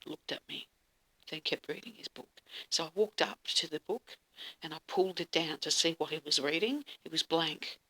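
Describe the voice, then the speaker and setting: Woman, lowish voice, casual dramatic storytelling, frequent whispers, swears. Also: moderate pace, pushed and bright, breathy edge. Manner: dramatic, often dropping to a whisper, swears freely.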